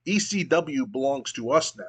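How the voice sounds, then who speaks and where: A man's voice: mid-range voice, expressive, normal speed, a bit bright, husky. A man voicing a cocky female wrestling manager who gloats over her team in a raised voice. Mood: gloating.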